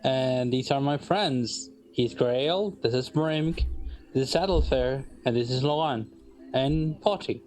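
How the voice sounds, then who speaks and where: A man's voice: medium pitch, slow, darkish tone, soft background music. A man playing a tabletop game, speaking politely in character as he introduces his group. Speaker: player.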